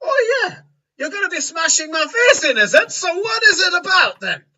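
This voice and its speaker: A man voicing a belligerent male dwarf woken in a tavern, loud and spoiling for a fight. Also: sing-song, normal speed, recorded from a distance, full character voice. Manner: loud, challenging, raised pitch.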